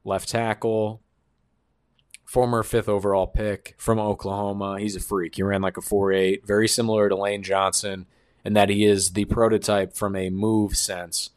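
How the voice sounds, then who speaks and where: Male sports talker, deep voice, joking and opinionated, dry close sound. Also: flat delivery, clean tone, dry recording. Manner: fast riffing, joking asides, opinionated. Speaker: sports commentator. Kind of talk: casual sports talk.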